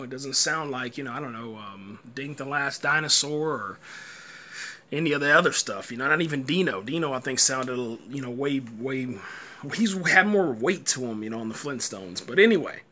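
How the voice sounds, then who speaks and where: A man's voice: mid-range voice, pushed and bright. A man giving a casual, exasperated review rant, stumbling and repeating words and breaking into laughter. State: tired, early morning.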